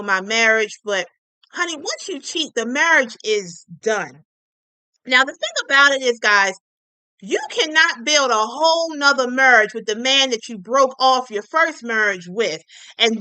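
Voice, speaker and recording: A woman's voice: a little high, sharp tone, no echo. A woman hosting a livestream gossip channel, chatting casually and sassily with viewers, calling them honey. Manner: chatty, sassy, calls viewers honey and y'all.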